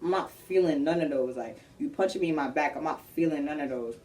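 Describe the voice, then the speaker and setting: A young woman telling a personal story in a casual vlog, animated and slangy, acting out what people said. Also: low voice, fast talker, far from the mic. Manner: animated, slangy, acts out quotes.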